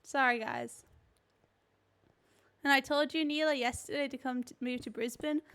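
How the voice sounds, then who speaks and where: A woman's voice: sits high, moderate pace, fairly bright tone. A young Australian woman streaming a game, rambling and joking at her own expense in casual chat. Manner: rambling, self-mocking and joking.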